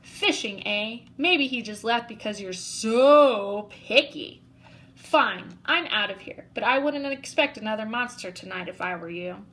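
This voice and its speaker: A woman's voice: fairly high pitch, unhurried, a bit bright. A woman voicing a big, scruffy male monster who slurps, stammers and whines. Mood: sulky.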